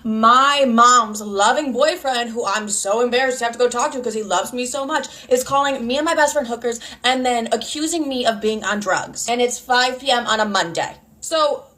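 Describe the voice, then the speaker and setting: A woman in her twenties telling a storytime casually, outspoken and animated, swearing often and acting out what people said. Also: on the high side, moderate pace, hardly any pauses. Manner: outspoken, animated, frequent swearing, acts out quotes.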